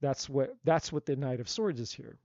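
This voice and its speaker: A man giving a live tarot reading in a blunt, animated way, swearing freely and acting out what people might say. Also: mid-range voice, normal speed, creaky, no room sound, muffled recording. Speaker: tarot reader.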